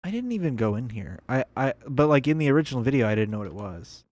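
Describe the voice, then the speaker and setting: A man's voice: medium pitch, big pitch swings, quick pace, darkish tone, no echo. A young man giving casual, rambling commentary on a video game as he plays, thinking aloud. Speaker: gameplay video creator.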